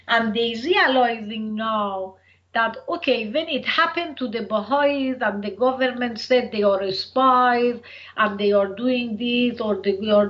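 A middle-aged woman from Iran with a thick Persian accent, speaking slowly and earnestly as an interview guest. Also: fairly high pitch, a bit bright. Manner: slow, thoughtful and earnest. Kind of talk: personal interview. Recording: dull lo-fi recording.

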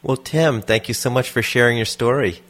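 A man's voice: mid-range voice, normal speed, fairly bright tone. A man hosting a radio interview, asking short polite questions and introducing the music. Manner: brief prompts and polite questions. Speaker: interviewer, program host.

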